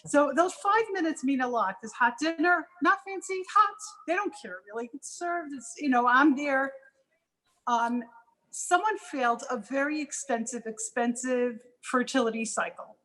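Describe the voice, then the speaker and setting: A woman with a high voice talks as a guest on a live panel show. She tells stories in an animated way, with quick asides, and she acts out the lines she quotes. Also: low-quality recording. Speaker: guest entrepreneur. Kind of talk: casual panel talk, telling a story.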